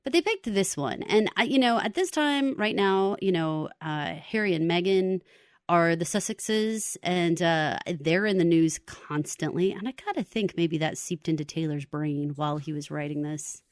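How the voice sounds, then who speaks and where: A woman co-hosting a podcast in casual chat, animated and quick to laugh. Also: fairly low pitch, no room sound, studio quality. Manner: animated, laughs often, quotes lines in excited voices. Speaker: podcast co-host.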